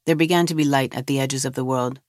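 Audiobook reader, steady pace, mid voice, dead dry recording. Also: mid-range voice, quick pace, no echo. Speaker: narrator. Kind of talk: audiobook narration of a novel.

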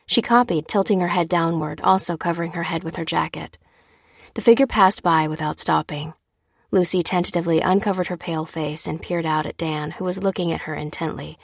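A woman reading a story aloud, steady and measured. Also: lowish voice, gravelly, no echo, studio quality. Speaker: narrator. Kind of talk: scripted narration.

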